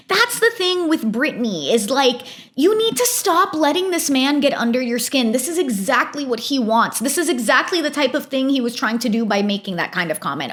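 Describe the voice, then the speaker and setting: A woman's voice: sits high, big pitch swings, normal speed, hardly any pauses, fairly bright tone. A young adult woman giving a chatty, opinionated recap of a reality show episode, with exasperated asides. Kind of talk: casual recap commentary.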